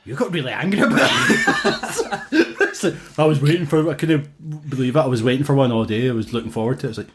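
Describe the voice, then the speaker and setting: A man's voice: mid-range voice, fairly quick, hardly any pauses, noisy background. A young man with a Glaswegian accent, co-hosting a podcast, telling sweary, laughing stories and acting out the quotes he tells. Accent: Scottish, Glaswegian. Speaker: podcast co-host. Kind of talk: casual chat.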